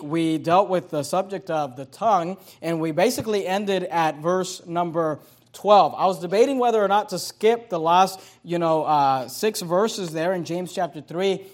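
A man with a high voice preaches a sermon to his congregation. He teaches verse by verse, explaining the text, then presses his points home with growing force. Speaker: pastor.

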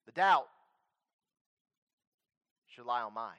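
A male preacher delivering a sermon, swinging between loud emphatic declarations and quiet earnest appeals. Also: medium pitch, animated, slow.

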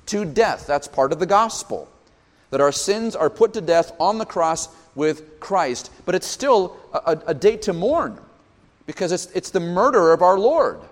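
A man preaching a sermon as pastor, his voice rising with emphasis and dropping low on solemn points. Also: expressive, a little slow, big-room sound. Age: young adult.

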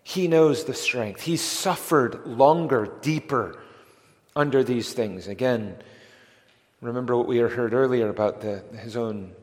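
A man preaching a sermon in an earnest, emphatic voice, stumbling over words as he builds to a climax. His voice has a middle pitch and rings out with the long reverb of a large church hall. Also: unhurried. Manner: earnest, emphatic, with repeated restarts and rising intensity.

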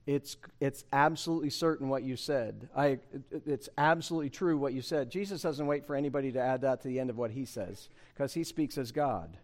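Emphatic high-voiced male preacher. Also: a little mellow. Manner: emphatic, conversational preaching with rhetorical questions. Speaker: pastor. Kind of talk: sermon.

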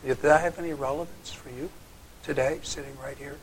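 A male pastor preaching a sermon, pressing his hearers with sharp rhetorical questions and shifting between loud challenge and quiet, low asides. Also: steady tone, brisk, slight background noise.

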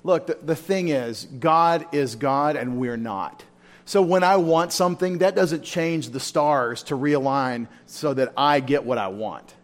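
Conversational male Bible teacher, slightly high. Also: measured pace. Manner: informal, asks the room questions. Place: church.

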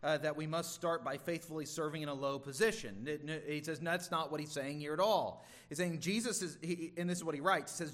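Male pastor, slightly high voice, earnest emphatic sermon delivery. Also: a little fast, few pauses, a bit bright. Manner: earnest, emphatic preaching with some stumbles.

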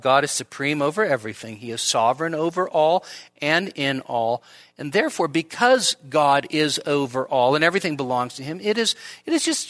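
Bright-voiced emphatic male preacher. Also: a little high. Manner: earnest, emphatic, repeats phrases for stress. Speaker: pastor. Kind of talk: expository sermon. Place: church.

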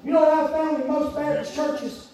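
High, echoey preacher man. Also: steady tone, normal speed. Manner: emphatic and repetitive, swinging from shouts to hushed tones. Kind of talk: sermon. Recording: echoey room, voice far from mic, faint hiss.

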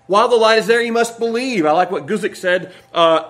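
High-voiced preacher. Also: male voice, expressive, brisk, few pauses, fairly bright tone. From United States. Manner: earnest, reads scripture aloud and asks the congregation questions. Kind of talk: sermon.

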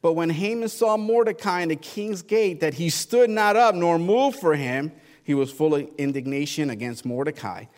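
A male pastor preaching a sermon, reading scripture aloud and retelling the story in lively, colloquial asides. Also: a little high, normal speed, hardly any pauses, big-room sound. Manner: animated, colloquial Bible storytelling.

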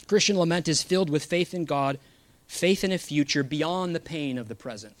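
Male preacher, earnest sermon delivery, voice a bit high, dry close sound. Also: normal speed, no echo. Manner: earnest, emphatic, reads scripture aloud.

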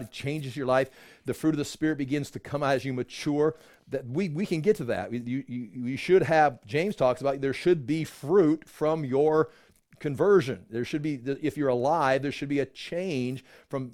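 High-voiced pastor teaching conversationally. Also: male voice, a little mellow. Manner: conversational, acts out voices in quoted exchanges. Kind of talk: expository Bible teaching.

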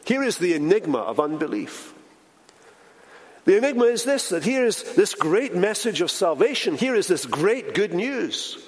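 A man preaching a sermon as pastor, emphatic, slowing down and dropping his voice for weight. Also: very animated. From Britain. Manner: emphatic, with dramatic slowdowns and drops in pitch. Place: large church sanctuary. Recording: church hall reverb.

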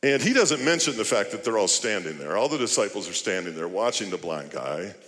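A man's voice: on the low side, very animated, fairly quick, fairly bright tone. A male pastor preaching a sermon, firing off rhetorical questions and building to emphatic appeals. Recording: long hall reverb.

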